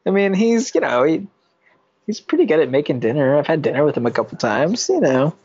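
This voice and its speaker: A woman's voice: deep voice, big pitch swings, fairly quick, darkish tone, slightly rough, muffled recording. A woman in casual podcast chat who laughs often and pokes fun at herself. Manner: laughing, self-deprecating. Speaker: podcast co-host.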